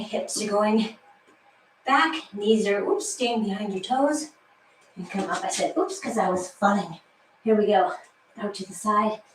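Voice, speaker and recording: A woman's voice: medium pitch, echoey room, distant mic, slight background noise, rough recording. A woman fitness instructor leading a home workout, out of breath, cheerful and chatty, counting reps and laughing at herself.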